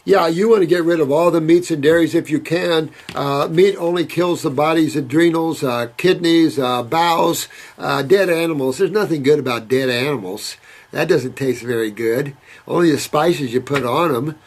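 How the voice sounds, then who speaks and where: A man's voice: fairly high pitch, vocal fry, slightly rough. A middle-aged man answering viewer questions in an emphatic, folksy, casual way, with playful asides. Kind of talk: casual advice talk reading viewer letters.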